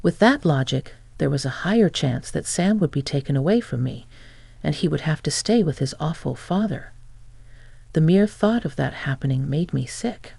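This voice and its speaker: A woman narrating a first-person family story in a steady, plain way. Her voice is gravelly and dark, recorded dry and close with no room sound. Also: low voice, moderate pace, no room sound.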